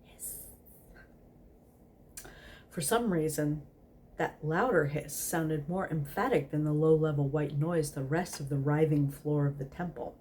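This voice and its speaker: Tipsy woman host, low voice, slow casual reading that trips over words. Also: a little mellow, slight background noise. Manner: giggly, stumbling over words.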